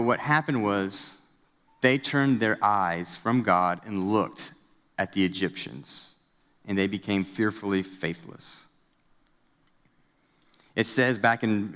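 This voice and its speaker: Animated pastor in a reverberant hall. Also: male voice, fairly low pitch. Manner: conversational and animated, with casual fillers. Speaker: student pastor. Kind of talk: storytelling sermon. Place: church sanctuary.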